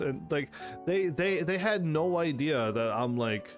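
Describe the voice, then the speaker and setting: A man's voice: medium pitch, lively intonation, unhurried. Man, channel host, casual gaming commentary, rambling, stammering, laughing, faint music underneath. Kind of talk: casual reminiscing commentary over old videos.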